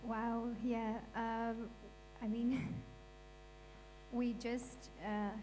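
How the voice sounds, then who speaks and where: A woman speaks on a stage panel with rising emotion, her words blunt and heartfelt. Her voice sits a little high but sounds mellow, with a faint mains hum underneath. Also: flat delivery, very slow, low-quality recording. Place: event stage.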